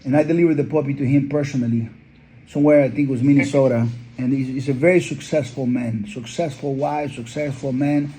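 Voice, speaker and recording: Earnest man with a dark voice. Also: medium pitch, fairly even intonation, a little fast, rough recording. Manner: earnest and heartfelt. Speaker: pit bull breeder. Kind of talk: conversational interview storytelling.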